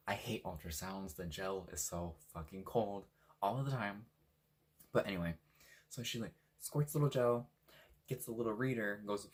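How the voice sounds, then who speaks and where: A young man from Washington State telling a story in a casual, animated way, swearing freely and acting out what people said. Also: on the low side, husky. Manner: animated, swears a lot, acts out quotes. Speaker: vlogger.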